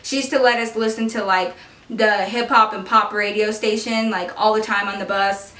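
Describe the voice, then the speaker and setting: Bright-voiced young woman telling a story. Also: medium pitch, moderate pace. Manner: animated, heavy swearing. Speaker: beauty vlogger telling a story. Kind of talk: casual storytelling. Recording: echoey room, far from the mic.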